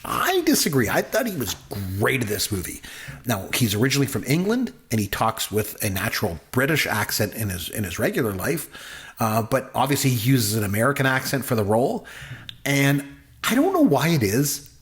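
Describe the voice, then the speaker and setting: Guy on a movie podcast, excited, rambly, fillers everywhere, average pitch. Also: brisk. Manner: enthusiastic, rambling, with frequent fillers. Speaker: podcast co-host, film reviewer. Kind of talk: casual movie review chat.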